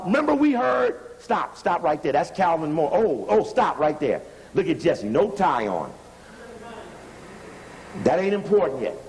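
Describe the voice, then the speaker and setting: High-voiced man, emphatic video commentary. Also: vocal fry, in a large hall, low-quality recording. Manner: emphatic, repeats points, directs playback. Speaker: lecturer analyzing archival footage. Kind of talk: animated commentary over video playback.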